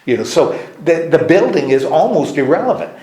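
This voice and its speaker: A man's voice: on the high side, big pitch swings, a little fast, a little mellow. A male pastor leading a casual Bible study, explaining at length with restarts and putting questions to the group. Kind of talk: informal teaching discussion. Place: church meeting room. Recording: echoey room.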